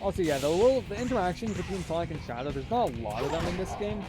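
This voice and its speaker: A man's voice: sits high, animated, fast. Rambling tired male game commentator. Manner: rambling, filler-heavy, talkative. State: tired, yawning. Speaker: let's-play commentator. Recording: faint game music behind.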